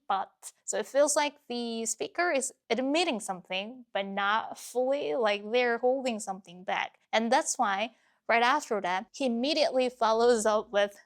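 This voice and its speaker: A woman with a fairly high voice teaches a language, walking through grammar point by point. Her delivery is clear and patient, like a lesson clip. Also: expressive, normal speed, a bit bright. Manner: clear, patient, explains word by word. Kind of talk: explanatory lesson narration.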